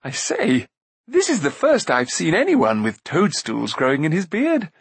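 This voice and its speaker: A man voicing a curious, talkative young prince who bursts out in excited exclamations. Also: a little high, unhurried, husky, dry recording, pitched above the performer's own voice, exaggerated voice.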